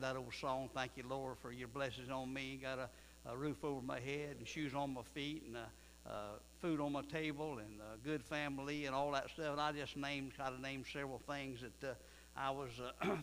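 A man's voice: fairly high pitch, a bit bright. A man, a pastor preaching a sermon in a church, folksy in manner and building to emphatic preaching. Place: church sanctuary. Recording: distant reverberant room with mains hum.

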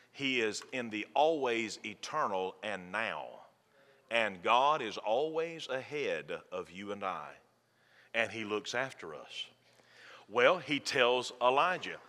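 A man's voice: mid-range voice, bright, forceful tone. A man preaching a sermon in a church, folksy and fervent, joking with the congregation. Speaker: pastor. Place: church sanctuary. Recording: long church reverb.

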